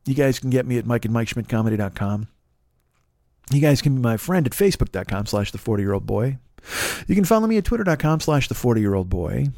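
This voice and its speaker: Podcast host, man, profane comic rant, mid pitch, dead-dry booth sound. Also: big pitch swings, a little fast, gravelly, warm tone, no echo. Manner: angry, profane, mocking voices of others.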